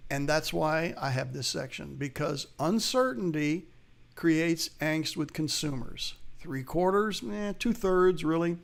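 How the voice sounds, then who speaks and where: A man's voice: fairly high pitch, animated, unhurried, vocal fry. Chatty male live-stream market host. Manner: chatty, addresses viewers directly, reads chat live. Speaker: host of a live investing show. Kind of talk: live webcast market commentary.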